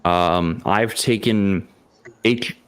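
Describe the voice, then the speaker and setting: A man with a fairly low voice speaks casually and thoughtfully, pausing on ums and restarting his words as he works out what he wants to say. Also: a bit bright, smooth. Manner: halting, thoughtful, with frequent ums and stammered restarts. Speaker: podcast panelist game master. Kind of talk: casual chat.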